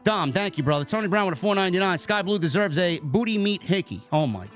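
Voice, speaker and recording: A man's voice: sits high, fast, faint music behind. A man hosting a casual wrestling review show, reading super chats and ranting bluntly with plenty of swearing. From New York. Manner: blunt, profane, animated rants.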